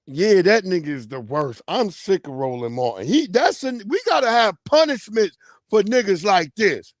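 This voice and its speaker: Man, high voice, dry close sound, livestream host, profane, mocking commentary. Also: no room sound. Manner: profane, mocking, loud outbursts.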